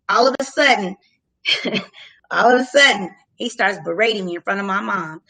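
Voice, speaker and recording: A woman telling a story in casual talk, animated and profane, loudly acting out her own lines. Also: medium pitch, moderate pace, creaky, poor audio.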